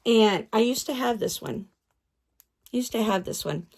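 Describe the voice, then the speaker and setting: Woman doll-collector vlogger, higher voice, unhurried, gushes and repeats herself, trips over names. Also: animated, vocal fry, a little mellow. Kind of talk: casual vlog chat.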